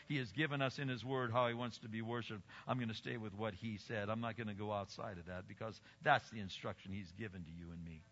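An older man preaching a sermon as pastor, emphatic, swinging between loud exclamations and quiet asides. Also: on the low side, fairly even intonation, fast, hardly any pauses. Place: church sanctuary. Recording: dull recording with long hall reverb.

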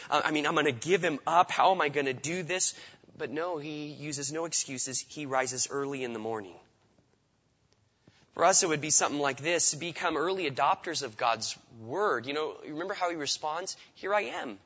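A man preaching a sermon in a loose, conversational way, often repeating words as he begins a thought. His voice is bright and forceful. It carries a long hall echo on a slightly dull recording. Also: a little high. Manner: conversational, repeats words when starting sentences. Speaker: pastor.

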